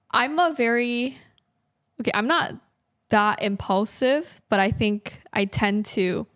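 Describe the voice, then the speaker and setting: A woman in her twenties, an artist and streamer, is a guest in a casual interview, her mid-range voice clean and echo-free with studio quality. She's chatty, laughing a lot and using plenty of fillers, especially "like."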